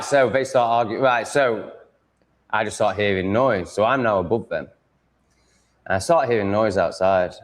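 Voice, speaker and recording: A man vlogging at home, swearing a lot as he rants in a casual, exasperated monologue. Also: mid-range voice. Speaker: vlogger setting up a live stream.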